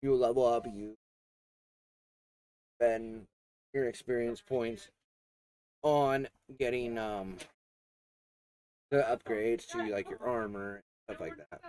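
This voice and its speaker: A man giving a casual, rambling game review with many fillers and restarts. He coughs and keeps clearing his throat. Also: medium pitch, fairly even intonation, takes it slowly, long pauses, darkish tone.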